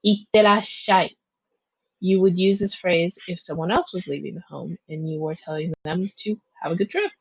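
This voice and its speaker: Slow, clear woman teacher, muffled sound. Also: fairly low pitch, dry recording. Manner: slow, clear teacher delivery, pausing between words and translations. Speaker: Japanese teacher. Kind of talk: recorded vocabulary review lesson.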